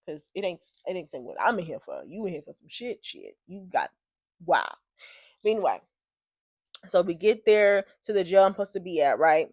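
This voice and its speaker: A woman vlogger telling a story casually, with animated, profanity-heavy, exasperated delivery. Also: medium pitch, moderate pace, no room sound.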